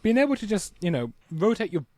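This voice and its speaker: A man's voice: sits high, very animated, fast talker, a little mellow, no echo. A man co-hosting a podcast in casual chat, easygoing and teasing, laughing along. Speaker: podcast co-host.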